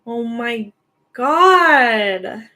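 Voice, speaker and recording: Young woman, livestream host, casual and giggly, slightly high voice, coos at her pet. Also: animated, very slow, sharp tone, faint music behind. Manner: chatty, giggly, coos baby talk at her cat.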